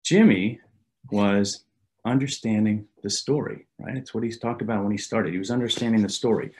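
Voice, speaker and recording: A man's voice: mid-range voice, slight background noise. A man presenting a business webinar as a sales consultant, talking conversationally and repeating words as he goes. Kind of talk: business webinar talk with anecdotes.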